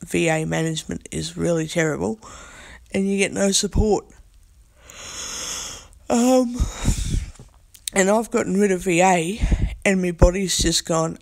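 A woman with a hoarse, croaky voice, chatting casually in a vlog from her bed, recorded on a phone. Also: medium pitch, a little slow. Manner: rambling, chatty. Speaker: vlogger. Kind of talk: casual chat. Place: in bed at home.

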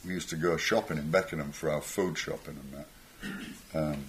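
An older man with a bass voice and fairly even intonation speaks at a moderate pace, with slight background noise. As a musician guest on stage, he rambles through anecdotes, chuckling and acting out voices.

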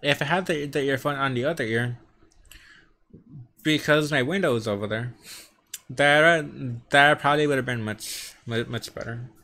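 A man's voice: medium pitch, moderate pace, pushed and bright. A man with a stutter and a lisp who practices tongue twisters on camera in a room at home while wearing earphones, repeating sounds as he trips over words. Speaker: vlogger.

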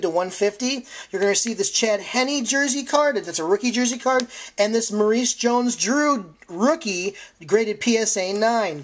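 A woman's voice: medium pitch, a little hiss or hum. Chatty woman hosting a card giveaway. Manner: chatty and eager, with frequent fillers and self-corrections. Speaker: sports card collector running a giveaway. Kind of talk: casual vlog.

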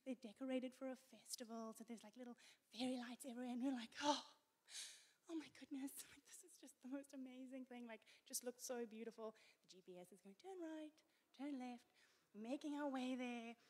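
A woman, a pastor's daughter, telling a story in church in an animated way and laughing often. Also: on the high side, fairly quick. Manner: animated, laughing as she tells it. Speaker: guest speaker, pastor's daughter.

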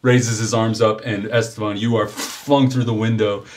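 A man's voice: lowish voice, little pitch movement, normal speed, background noise. A man running a tabletop game as game master, narrating the scene in vivid detail and often chuckling at his own descriptions.

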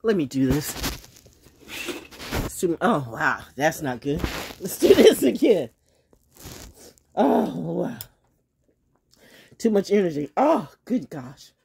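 A woman vlogging in a casual livestream monologue, blunt and swearing, laughing often and swinging from loud shouting to low muttering. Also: big pitch swings, slow pace, vocal fry, long pauses, slight background noise. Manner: blunt, swears, trash-talking.

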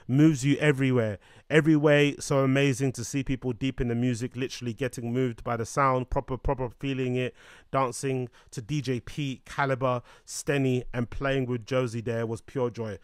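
A man hosting a show, chatting in an animated, joking way with frequent swearing. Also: medium pitch, no room sound, studio quality. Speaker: show host. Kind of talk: casual commentary.

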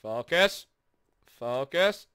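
A young man hosting a gaming video, commentating his own play in frustration, shouting and groaning between sarcastic mutters. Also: fairly high pitch, animated, very slow, clear, resonant tone, no echo. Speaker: gaming channel host. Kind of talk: raging let's play commentary.

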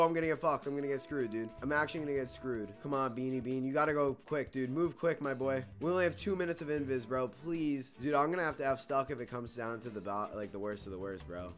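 A young man giving excitable live commentary over his own gameplay, swearing and repeating himself as he pleads with the game. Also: mid-range voice, quick pace, hardly any pauses, faint music behind. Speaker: gaming YouTuber.

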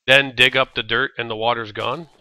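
A man with a Canadian accent streaming a video game, chatting in a rambling, jokey way and quick to laugh. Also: mid-range voice, steady tone, sharp tone, clear, resonant tone, no room sound. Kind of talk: casual gameplay chat.

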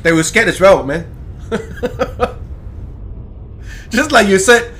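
Bright-voiced man in loose gaming banter. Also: high voice, lively intonation, slow pace, pauses often. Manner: loose, swearing, laughing banter with chat. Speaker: game streamer. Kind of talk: casual live-stream chat while gaming.

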